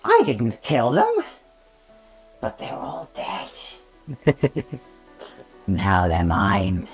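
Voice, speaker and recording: A man voicing a maniacal, sinister woman casting dark magic in a tabletop game, taunting and cackling. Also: deep voice, wildly swooping pitch, very slow, lo-fi sound, over music, voice pushed down, full character voice. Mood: menacing.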